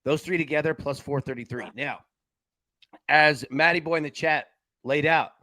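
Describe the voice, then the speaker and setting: A man's voice: fairly high pitch, pushed and bright, no room sound. Upbeat man hosting a betting show. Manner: upbeat, reads chat comments aloud, quick picks. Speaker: sports betting show host. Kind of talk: live sports betting show.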